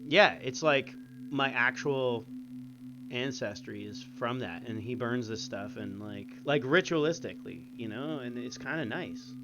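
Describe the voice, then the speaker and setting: A man's voice: medium pitch, measured pace. Laid-back rambling man, noisy dull recording. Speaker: podcast co-host. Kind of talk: casual chat. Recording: dull sound with clear noise.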